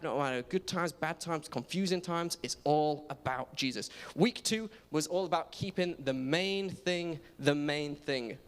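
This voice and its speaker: A young man with a fairly high voice preaches casually in a church auditorium, poking fun at himself, chatting through personal stories and frequently starting sentences over. The hall is reverberant.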